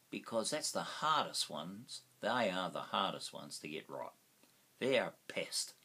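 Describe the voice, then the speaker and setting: An older Australian man teaching English pronunciation, repeating each vowel sound slowly for learners to copy. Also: sits low, a bit bright, a little hiss or hum. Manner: slow, drawn-out, repeats sounds for practice. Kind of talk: pronunciation lesson.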